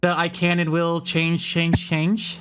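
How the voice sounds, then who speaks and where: A woman's voice: on the low side, monotone, takes it slowly, background noise. A woman streamer chatting and joking with a friend while playing a game. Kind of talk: casual chat while gaming. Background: game music.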